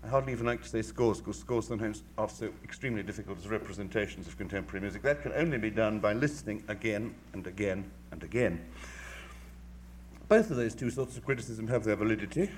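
A man, a music critic, giving a measured, articulate lecture with dry wit. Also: on the low side, expressive, slight background noise. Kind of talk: formal lecture.

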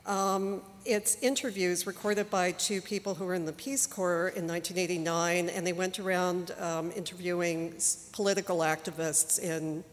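A woman with a slightly low voice gives an informal talk, introducing archival recordings one by one. Her delivery is relaxed and conversational. The sound carries a long hall reverb. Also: moderate pace, few pauses. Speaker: archivist presenter.

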